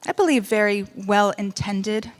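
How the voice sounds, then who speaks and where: A woman giving a personal testimony speech, wry at times, shifting between loud outbursts and hushed, quiet moments. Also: medium pitch, unhurried. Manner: wry humor amid serious story. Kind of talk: emotional first-person storytelling speech.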